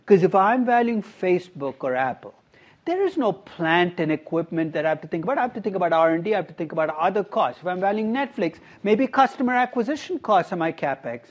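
Middle-aged man, professor in a classroom lecture; fairly high voice, very lively pitch, keeps quizzing students, wry humor. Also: fast, highs cut off. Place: university classroom.

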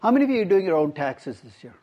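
A man's voice: high voice, big pitch swings, very fast, lo-fi sound. A middle-aged man giving a classroom lecture as a professor, quizzing his students and dropping wry asides. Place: university classroom.

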